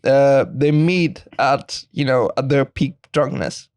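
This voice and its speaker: A man's voice: mid-range voice, unhurried, a little mellow, clean tone, dry recording. A young man co-hosting a podcast, chatting casually in a playful, teasing way. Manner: playful, teasing, laughs often. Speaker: podcast co-host. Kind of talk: casual chat.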